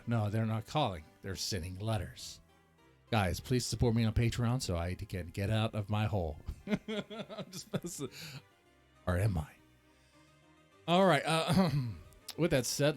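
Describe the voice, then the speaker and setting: A man's voice: medium pitch, lively intonation, normal speed, a little mellow, faint music behind. A man hosting a reaction channel, rambling in a casual, joking and self-mocking rant. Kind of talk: casual ranting commentary.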